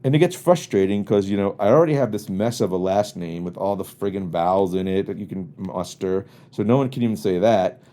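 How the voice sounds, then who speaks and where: A man with a fairly low, mellow voice hosts his own podcast alone. He grew up on the US East Coast and tells rambling, wry stories with mock exasperation. The delivery stays casual and loose. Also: lively intonation, fairly quick, hardly any pauses. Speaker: podcast host. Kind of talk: casual comedic monologue. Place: home studio in Los Angeles.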